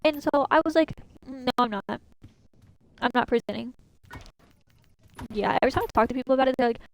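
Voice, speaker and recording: A woman's voice: fairly high pitch, brisk, long pauses, low-quality recording. A young woman streaming a game, casually telling a long story about classmates, venting and quoting people. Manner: chatty, venting, animated retelling with quoted dialogue.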